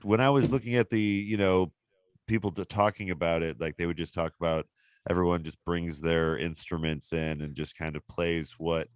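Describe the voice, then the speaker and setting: A low-voiced man hosting a casual podcast, rambling through his explanations with plenty of ums and uhs. His voice is smooth and clear, recorded dry and close to the mic. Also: flat delivery, normal speed, dry recording. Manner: loose, rambling explanations with frequent fillers. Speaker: podcast host.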